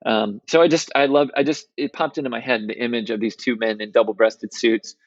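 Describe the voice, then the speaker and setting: A man's voice: medium pitch, steady tone, a little fast, no room sound, lo-fi sound. A man co-hosting a podcast in casual chat, musing and telling stories with plenty of fillers. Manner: chatty, storytelling, hedging with fillers. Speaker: podcast co-host.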